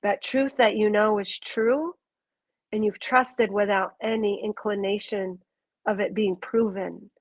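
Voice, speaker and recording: A woman's voice: medium pitch, fairly even intonation, measured pace, no echo, lo-fi sound. A woman giving a live intuitive reading to a viewer, earnest and gushing, rambling through restarts. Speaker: intuitive reader.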